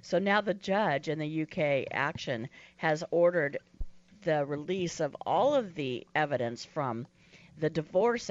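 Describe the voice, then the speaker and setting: A woman on a panel walking through a legal case at a steady pace, with frequent fillers. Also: sits low, dull audio. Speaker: legal commentator.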